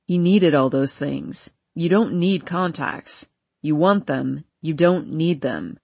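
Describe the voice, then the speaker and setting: A woman voicing a stern, dismissive middle-aged father in an audiobook, speaking in curt, gruff lines. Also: low voice, slow, darkish tone, no echo, voice pushed down, exaggerated voice. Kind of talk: audiobook character voice.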